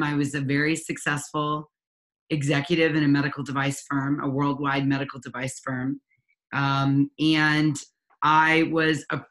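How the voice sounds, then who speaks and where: A woman's voice: low voice, fairly bright tone. Earnest woman parent coach telling her story. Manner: earnest and candid, often pausing with ums and restarts. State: near tears at times. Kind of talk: personal story in an interview.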